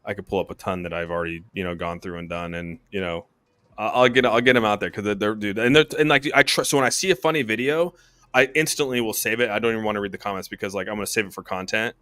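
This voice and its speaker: Fast-talking low-voiced man, swearing a lot. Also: a bit bright, clear, resonant tone, no room sound. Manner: rambling, swears a lot, says dude often. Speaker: co-host. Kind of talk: casual chat.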